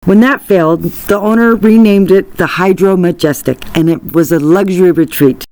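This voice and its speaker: High-voiced male travel narrator. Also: normal speed, dry recording. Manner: informative, even storytelling. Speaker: vlog narrator. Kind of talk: scripted voice-over narration.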